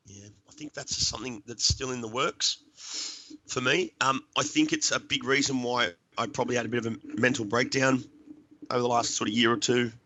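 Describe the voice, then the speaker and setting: A middle-aged man, a podcast guest, earnestly telling a personal recovery story with halting restarts. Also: medium pitch, steady tone, sharp tone, dry recording, dull audio. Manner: earnest, halting, repeats words while searching.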